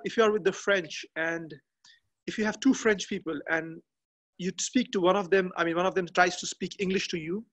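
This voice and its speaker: A man chatting as a podcast guest from a garden outdoors, halting and often restarting as he searches for words. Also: sits high, a bit bright. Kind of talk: casual interview chat.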